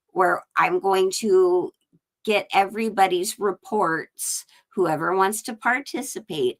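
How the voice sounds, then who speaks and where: A chatty Californian woman co-hosting over a video call, who leans on the word "like." Her voice sits fairly low and she talks at an unhurried, drawn-out pace. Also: a bit bright. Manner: chatty, says like a lot. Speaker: co-host. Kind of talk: casual chat.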